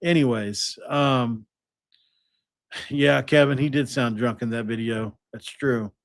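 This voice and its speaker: A man's voice: mid-range voice, fairly even intonation, slow pace, gravelly. A man hosting a sports podcast, talking casually and rambling with lots of fillers and restarts.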